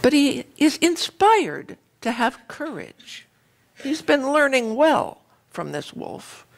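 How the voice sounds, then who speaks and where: A woman minister giving a conversational sermon, retelling a fairy tale with lively, animated storytelling. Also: high voice, slow pace.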